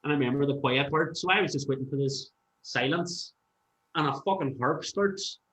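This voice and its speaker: A man's voice: fairly high pitch, normal speed, a bit bright. A man, a musician guest chatting casually and telling stories animatedly, swearing freely. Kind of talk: casual podcast chat. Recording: roomy, dull-sounding room.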